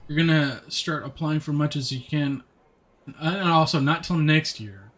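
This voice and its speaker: A man on the higher side of pitch, slightly bright and measured in pace, streams a game for his viewers. Chatty and responsive to chat, he reads the narration aloud plainly.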